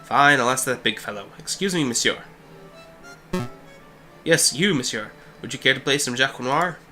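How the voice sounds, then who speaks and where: A man's voice: medium pitch, lively intonation, normal speed, over music, close to an everyday voice. A man reading the lines of a pushy gambler who keeps coaxing people into card games. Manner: coaxing, insistent.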